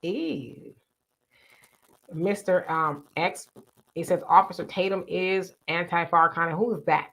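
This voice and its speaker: A woman's voice: fairly low pitch, steady tone, normal speed, fairly bright tone. Casual woman reading live chat. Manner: reads viewer comments aloud and responds conversationally. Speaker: livestream co-host reading chat.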